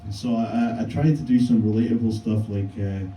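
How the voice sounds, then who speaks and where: A man doing a stand-up set in a deadpan, halting way, full of fillers. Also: lowish voice, faint music behind. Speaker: stand-up comedian. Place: comedy club stage. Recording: echoey room mic, from a distance.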